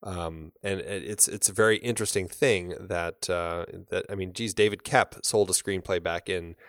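A man's voice: low voice, fairly even intonation, moderate pace, a bit bright, no echo, studio quality. A man co-hosting a film podcast, talking casually and rambling, with many fillers and restarts. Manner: laughs easily. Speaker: podcast co-host.

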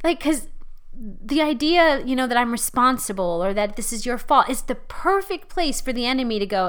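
A woman preaching a sermon in a lively, conversational way, laughing as she talks. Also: a little high, moderate pace, smooth.

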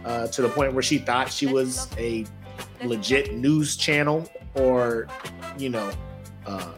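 A man's voice: mid-range voice, slow, music in the background. A man in his forties co-hosting a podcast, talking loosely, joking, swearing freely and laughing often. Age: 40s. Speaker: podcast co-host. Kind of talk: casual podcast banter.

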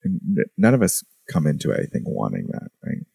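A man co-hosting a nursing podcast, talking in animated, reflective casual chat and acting out his inner thoughts. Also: very deep voice, brisk, creaky, husky, dry recording. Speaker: nurse podcast co-host.

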